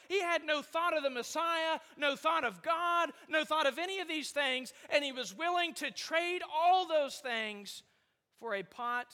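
Male preacher, very high and bright voice, emphatic repetition, church hall reverb. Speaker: pastor. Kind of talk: sermon.

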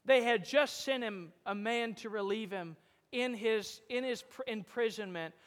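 A man preaching a sermon as pastor, quoting old-style scripture, swinging between loud emphatic peaks and quiet low lines. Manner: quotes King James scripture. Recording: long hall reverb.

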